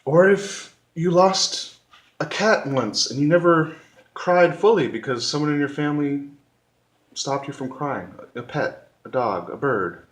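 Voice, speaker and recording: Earnest male vlogger, unhurried and emphatic, mid-pitched, roomy echo. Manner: slow, earnest, with emphatic repetitions. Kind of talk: reflective talk to camera.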